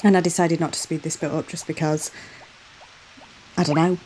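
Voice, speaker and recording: A woman's voice: low-pitched, level tone, normal speed, long pauses, mellow, slight background noise, rough recording. A woman host doing a chatty voiceover for a game playthrough, often exclaiming in exasperation at herself. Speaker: gaming channel host.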